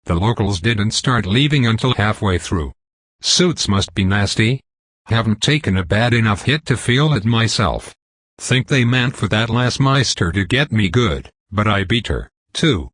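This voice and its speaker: A man's voice: on the low side, lively intonation, measured pace, a bit bright, breathy edge, no room sound, heavily acted. A man reading as an eager young speedster hero. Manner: earnest, chatty, friendly. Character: eager young male superhero speedster, earnest.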